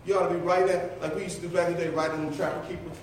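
A man's voice: fairly high pitch, flat delivery, racing, slight background noise. A middle-aged man preaching a conversational sermon, playfully teasing and calling on listeners by name. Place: church sanctuary. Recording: echoey church from far off.

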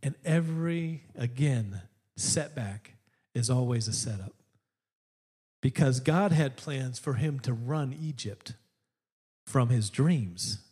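A man preaching a sermon as pastor, telling a story with lively acted-out voices and frequent laughs. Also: mid-range voice, slow, breathy edge. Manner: animated, acts out quoted voices in the story; laughs often while telling stories. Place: church.

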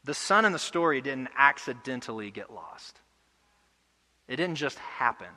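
A young adult man preaching a sermon earnestly, building to loud emotional peaks. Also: mid-range voice, expressive, normal speed, in a large hall. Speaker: pastor. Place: church hall.

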